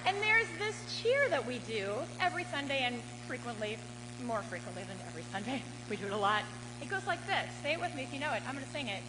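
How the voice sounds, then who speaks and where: High-voiced woman rousing a rally crowd. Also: sing-song, fast talker. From Wisconsin. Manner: rousing, leads the crowd in call-and-response. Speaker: politician speaking at a campaign rally. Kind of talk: rally speech. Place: large hall at a campaign rally. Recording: reverberant hall with loud crowd noise.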